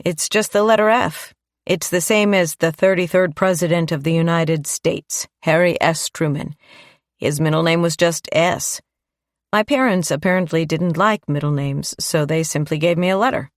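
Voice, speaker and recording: A woman narrator voicing a gentle, playful grown man in an audiobook, relaxed and teasing. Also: sits low, moderate pace, no echo, clean studio sound. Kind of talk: audiobook dialogue.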